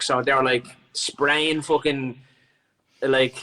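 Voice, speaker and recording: An Irish man chatting as a podcast guest, telling a story in an animated way and swearing a lot. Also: mid-range voice, measured pace, poor audio. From Ireland. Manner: animated, sweary, lots of restarts. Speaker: guest fighter. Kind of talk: casual storytelling chat.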